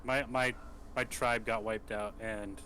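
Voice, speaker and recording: A man's voice: lowish voice, steady tone, background noise. Jokey man playing a tabletop game. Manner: jokey, halting, breaks into laughter. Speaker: player.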